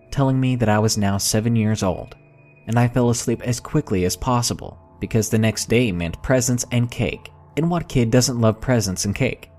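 A man reading out a true scary story in a measured, unhurried way. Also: medium pitch, a little mellow. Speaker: narrator. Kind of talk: scripted horror story narration. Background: faint background music.

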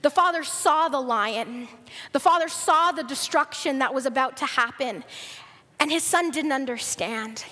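In sermon storytelling to her congregation, a high-voiced woman speaks earnestly and unhurriedly with a sharp tone, raising her pitch for the characters. A long reverb trails her words, suggesting a large church hall.

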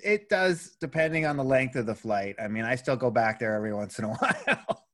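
A man's voice: mid-range voice, very animated, a little fast. A man in a casual podcast conversation, laid-back and chatty, swearing casually.

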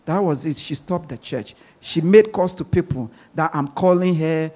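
A man's voice: fairly high pitch, normal speed, hardly any pauses, mellow. A man preaching a sermon as pastor, emphatic and repeating words as he presses his points.

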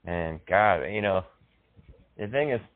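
A man's voice: deep voice, animated, slow, no echo. A man hosting a casual chat, enthusiastic and laughing often. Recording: dry, phone-like sound.

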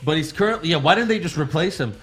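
A man co-hosting a casual podcast, joking and swearing through fast banter. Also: on the high side, lively intonation, a bit bright. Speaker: podcast co-host. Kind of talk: casual chat.

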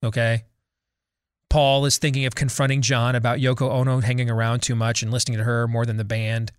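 A man's voice: mid-range voice, flat delivery, brisk, clean tone, no echo, clean studio sound. A man hosting a talk show, chatting loosely with his co-hosts and breaking for live ad reads. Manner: loose, conversational, with frequent restarts and asides. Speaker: radio show host.

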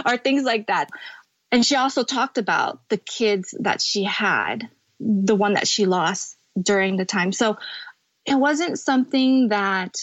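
A young adult woman from the United States, a podcast guest telling her family's story candidly, halting and tearful at times. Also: medium pitch, expressive, fairly bright tone, no echo, dull audio. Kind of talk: emotional personal storytelling.

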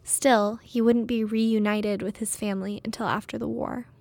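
A woman's voice: fairly high pitch, level tone, normal speed, vocal fry, darkish tone, no echo. A woman reporter giving scripted narration in a conversational, explaining way.

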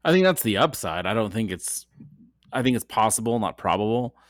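A man's voice: on the low side, expressive, a little fast, dry recording, clean studio sound. A man co-hosting a casual sports podcast, chatty, laughing easily and using many fillers. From Colorado area. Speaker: podcast co-host.

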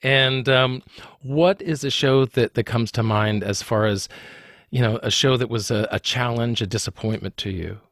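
A man hosting an interview who asks measured, thoughtful questions. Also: mid-range voice, a bit bright, no room sound, clean studio sound.

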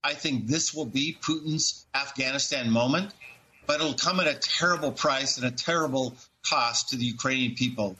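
A man's voice: medium pitch, moderate pace, bright, forceful tone, rough recording. A man giving earnest, emotional commentary as a television news analyst. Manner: emotional, earnest, repeats words.

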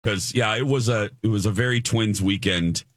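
This is a chatty, enthusiastic radio co-host from the Chicago area, with a fairly low voice. He often backs up and restarts his sentences, and the sound is dry and close. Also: moderate pace, no room sound, soft background music. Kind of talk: casual chat.

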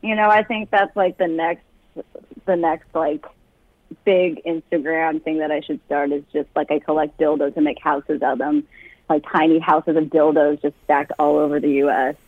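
A woman's voice: low-pitched, little pitch movement, moderate pace, dry recording, narrow, tinny audio. A young woman calling into a comedy show, brash and profane, laughing often. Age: young adult. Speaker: caller. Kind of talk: crude comedic call-in banter.

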